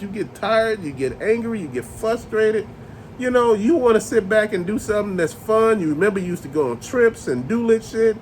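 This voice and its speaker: High-voiced man ranting, cursing freely. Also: a little hiss or hum. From Chicago area. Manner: profane, exasperated ranting. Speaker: host of a toy rant channel. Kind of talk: casual ranting monologue.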